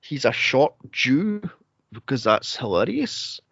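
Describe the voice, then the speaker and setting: A man's voice: mid-range voice, sing-song, slow pace, gravelly, fairly bright tone, husky, no echo. A man co-hosting a movie podcast, chatting animatedly with laughs and rambling asides. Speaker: podcast co-host. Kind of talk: casual movie review chat. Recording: dull lo-fi dry sound.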